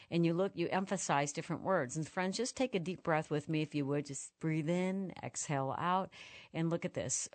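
A woman's voice: deep voice, no echo. A woman hosting an interview with an author, earnest and enthusiastic as she praises and reads passages. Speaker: radio host.

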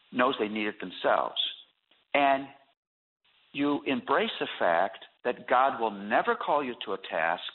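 A man guest on a radio interview, explaining his ideas through animated stories and acted examples. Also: mid-range voice. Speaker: author and guest. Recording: tinny phone-line audio.

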